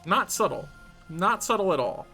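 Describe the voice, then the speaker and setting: Brief: hyper, chatty game streamer with a bouncy, animated delivery. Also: medium pitch, normal speed, soft background music. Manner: excitable, jumping between shrieks and muttering. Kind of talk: live gameplay commentary.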